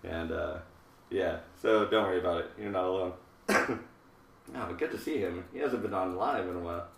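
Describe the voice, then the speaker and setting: In roomy, faraway live-stream sound, a thirtysomething hairdresser talks loosely and jokes while cutting hair on his show. His voice is low and creaky, moving at a moderate pace.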